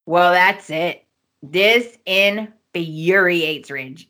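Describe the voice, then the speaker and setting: Recapping a soap opera on her podcast, a woman chats casually in a medium-pitched voice, speaking slowly. Along the way she performs the characters' lines in animated storytelling.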